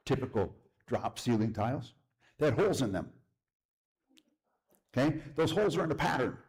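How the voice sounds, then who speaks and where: A husky middle-aged man, giving a sermon as a guest speaker. His voice sits at an ordinary pitch and carries a storyteller's rhythm, getting lively at times and then dropping quietly into reflection. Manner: storytelling with lively shifts, drops to a hush. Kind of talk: sermon testimony. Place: church.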